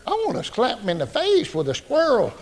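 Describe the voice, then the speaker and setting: A male pastor preaching a folksy, joking, animated sermon. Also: very high voice, a little fast.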